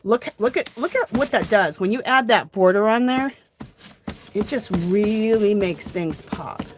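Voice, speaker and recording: A woman hosting a casual livestream art tutorial, chatting easily to her viewers as she works. She talks in a friendly, upbeat way at a medium pitch. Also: animated, unhurried, background noise. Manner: chatty, addresses viewers as "you guys". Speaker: art journaling host.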